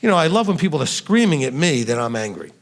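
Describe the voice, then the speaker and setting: Gravelly, animated man teaching. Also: a little high, fast talker, in a large hall. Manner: animated, acts out quoted dialogue. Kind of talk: Q&A teaching session.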